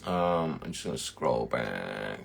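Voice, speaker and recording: A man's voice: very deep voice, very animated, slow, gravelly, slight background noise. A man, a chocolatier hosting a casual live chat and rambling through viewer comments.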